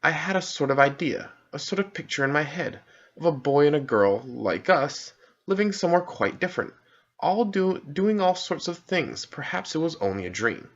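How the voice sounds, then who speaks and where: A man's voice: on the high side, expressive, normal speed, voice pushed up. A man reading an audiobook, voicing a dreamy, sensible young girl in a lifted, lilting voice. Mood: wondering. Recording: dull lo-fi recording.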